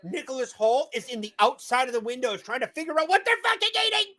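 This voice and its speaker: A man hosting a casual livestream movie review, rambling, excitable and quick to swear. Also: very high-pitched. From Massachusetts. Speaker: movie review show host.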